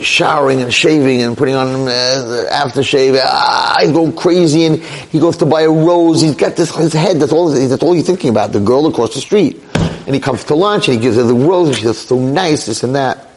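A middle-aged male rabbi telling a dramatic story in a sermon, with animated delivery. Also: medium pitch, a little fast. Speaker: rabbi lecturer.

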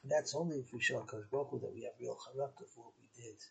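Gravelly-voiced rabbi telling a sermon story. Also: male voice, mid-range voice, very fast, low-quality recording. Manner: acts out dialogue between father and son in the story.

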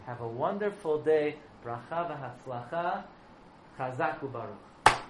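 A man's voice: medium pitch, expressive, measured pace, a bit bright, slight background noise. Blunt, unyielding butcher, voiced by a male storyteller, roomy sound. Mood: stubborn. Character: stubborn small-town butcher, blunt and unyielding.

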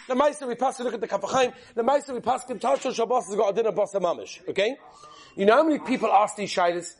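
Animated, high-voiced man teaching a class. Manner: animated, storytelling, drops into whispered quotes. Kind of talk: lively lecture on Jewish law with stories.

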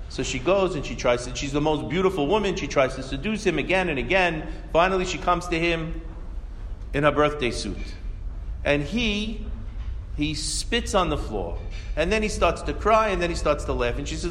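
A male religious teacher with a slightly high voice, spinning stories and firing rhetorical questions at his class. His voice carries a long hall reverb. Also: moderate pace, a little hiss or hum. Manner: animated storytelling with rhetorical questions. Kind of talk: Torah class lecture.

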